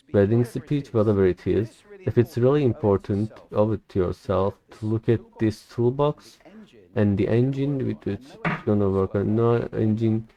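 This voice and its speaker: A young man whose first language is Turkish, shadowing a recorded speech aloud in English, with careful, deliberate delivery and occasional slips. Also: lowish voice, warm tone, low-quality recording. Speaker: language learner.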